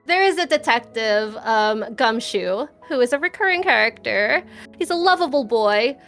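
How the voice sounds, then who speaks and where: A high-pitched woman chats casually as a podcast guest. She giggles often and keeps a playful, bubbly flow, with faint music in the background. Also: lively intonation, normal speed, a bit bright. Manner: giggly, chatty, laughs often. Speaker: guest vtuber.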